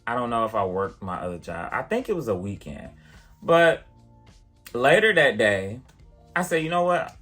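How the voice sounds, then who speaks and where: A man vlogging, chatty and animated as he tells a personal story to the camera, full of casual fillers. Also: mid-range voice, moderate pace, long pauses, slightly rough, faint music behind. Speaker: vlogger and piano teacher.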